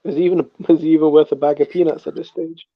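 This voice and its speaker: A man's voice: fairly high pitch, little pitch movement, quick pace, vocal fry, no echo. A man in casual chat, asking questions in disbelief. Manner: incredulous, questioning. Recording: dull lo-fi sound.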